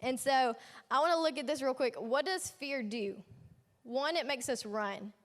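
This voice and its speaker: A woman's voice: sits high, measured pace. A young woman leading a youth ministry, preaching a casual sermon in a chatty, slangy storytelling way with playful asides. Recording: echoey hall.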